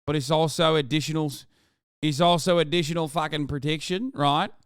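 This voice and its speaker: A man's voice: fairly high pitch, a little fast, smooth, dry recording, studio quality. A man streaming, reacting to news in casual, profane commentary that trips over and repeats its words. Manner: profane, animated, repeats himself.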